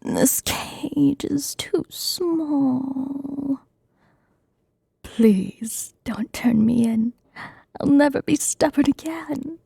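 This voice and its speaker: A woman's voice: gravelly, mellow, no room sound, studio quality, full character voice. A woman voicing a frantic male donkey begging not to be turned in, in a whispered role-play reading. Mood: pleading. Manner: begging, rapid, high-pitched.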